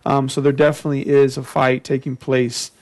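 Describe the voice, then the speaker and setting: A man hosting an interview, talking in a halting way with many fillers and restarts. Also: medium pitch, little pitch movement, darkish tone. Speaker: host. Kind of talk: casual interview chat.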